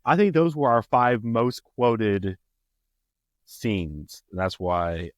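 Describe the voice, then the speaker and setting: A man hosting a casual podcast chat, animated and quoting movie lines with a lifted voice. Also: on the low side, slow, no echo, clean studio sound. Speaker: podcast host.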